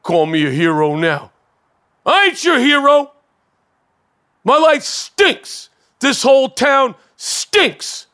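A man's voice: very high-pitched, sing-song, slow pace, pauses often, voice pushed up, full character voice. A man playing a ranting traumatized war veteran. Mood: anguished ranting. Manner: erratic swings from mutter to shouting.

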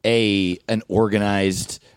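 A man's voice: on the low side, level tone, slow, clean tone, dry recording, clean studio sound. A man casually telling a story on a podcast, laughing often. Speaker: podcast co-host. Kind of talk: casual chat.

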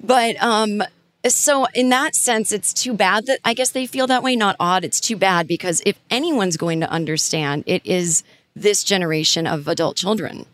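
A woman's voice: mid-range voice, normal speed, fairly bright tone, no room sound. A woman hosting a podcast, chatting informally and thinking aloud with plenty of fillers. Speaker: podcast host. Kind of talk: casual conversational interviewing.

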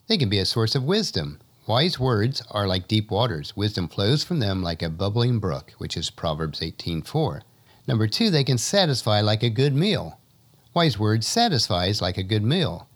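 A man hosting his own podcast, reading inspirational narration in an earnest, measured way from a home studio. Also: fairly low pitch. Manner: earnest, measured, motivational delivery. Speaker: podcast host.

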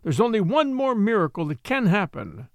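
Sly old house steward, folksy and scolding, lively rise and fall, dry close sound , read by a man. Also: high-pitched, moderate pace, no echo, pitched above the performer's own voice. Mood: grumbling.

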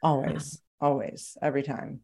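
Woman guest on a podcast, kinda low voice, animated storyteller, laughs all the time. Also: normal speed, creaky, breathy edge. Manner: lively storyteller who laughs often. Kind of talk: casual interview chat.

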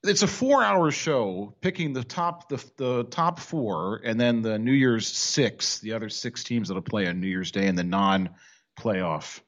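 A man's voice: lowish voice, lively intonation, a little slow, fairly bright tone, dull audio. A man hosting a casual sports talk show, wisecracking and rambling with frequent restarts.

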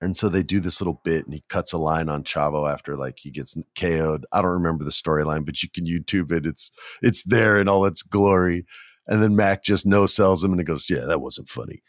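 A man's voice: low voice, steady tone, fairly quick, no echo, clean studio sound. A man hosting a podcast, telling a long story casually with rambling, joking asides. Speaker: podcast host.

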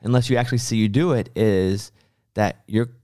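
A man hosting a radio interview, asking quick, curious questions and teasing his guest playfully. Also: on the low side, darkish tone, clean tone, no room sound, clean studio sound. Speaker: radio host.

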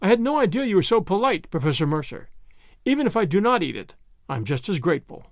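A man voicing a bright, cheerful young woman who speaks lightly and teasingly. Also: high voice, very animated, fast, creaky, no echo, clean studio sound, exaggerated voice. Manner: light, laughing.

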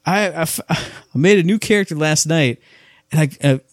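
A man's voice: a little high, moderate pace, dry recording, studio quality. Enthusiastic man rambling on a podcast. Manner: enthusiastic, rambling, animated storytelling. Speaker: podcast co-host. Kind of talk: casual chat.

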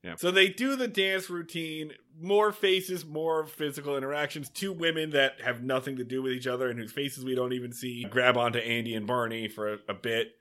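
A man's voice: medium pitch, fairly even intonation, moderate pace, hardly any pauses, sharp tone. A man co-hosting a podcast, recapping a TV episode in casual, sardonic chat and swearing freely. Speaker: podcast co-host.

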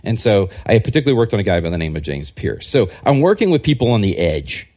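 A man, a historian and scholar, giving a casual podcast interview and telling rambling, animated anecdotes. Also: fairly low pitch, fast talker. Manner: rambling, animated anecdotes that act out quoted people. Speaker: guest historian and religious scholar.

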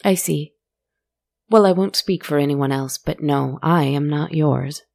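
A woman voicing a calm, defiant young hero in a plain, level, quietly dismissive tone within a spooky storybook tale. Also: deep voice, a little slow, gravelly, dry recording, studio quality.

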